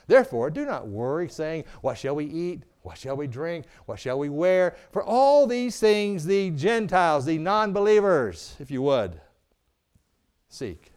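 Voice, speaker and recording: A middle-aged man preaching a sermon, calling for amens and swinging from booming to hushed. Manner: preaching with call-and-response, asking "Amen?". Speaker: pastor.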